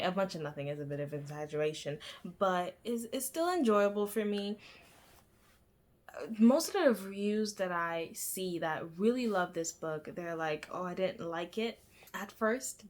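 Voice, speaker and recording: Here the same kind of casual book review chat comes from a young woman with a lowish, animated voice at normal speed. A book vlogger, she wanders through her thoughts with plenty of fillers, restarts, stutters, and self-deprecation.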